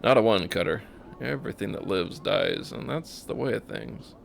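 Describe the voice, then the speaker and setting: A man's voice: lowish voice, expressive, moderate pace, gravelly, slight background noise. A man voicing a weary, plain-spoken mourner of the dead who talks in a folksy, rueful way.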